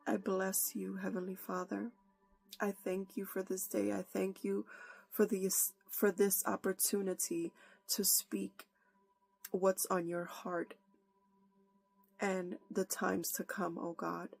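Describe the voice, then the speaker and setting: Female preacher, unhurried pleading delivery, gravelly tone, faint music bed. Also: medium pitch, level tone, a little mellow. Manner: slow, fervent, pleading prayer. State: holding back tears. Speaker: prophetic preacher. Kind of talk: prayer and prophetic message.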